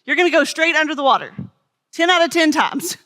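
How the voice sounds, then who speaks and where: A woman's voice: sits high, lively intonation, a little fast, fairly bright tone. A woman pastor, telling stories in a conversational sermon and talking with children. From Smoky Mountains, USA. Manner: storytelling, conversational, talks with children.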